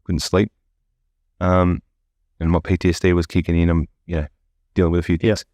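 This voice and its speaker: A man's voice: sits low, flat delivery, normal speed, a little mellow, no room sound, clean studio sound. A man speaking as a podcast guest, telling his story bluntly with heavy swearing. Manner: blunt, profane, candid storytelling. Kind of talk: casual podcast interview.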